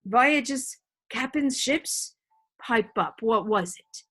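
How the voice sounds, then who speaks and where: A woman reading aloud, voicing a hearty, blustering one-legged pirate innkeeper who talks gruffly and bossily. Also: on the high side, expressive, drawn-out words, fairly bright tone, heavily acted. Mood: stern.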